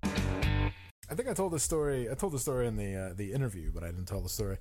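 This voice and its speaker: A man's voice: lowish voice, animated, fairly quick, creaky, over loud music. A man hosting a crude comedy podcast, rambling and profane, laughing often. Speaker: podcast host.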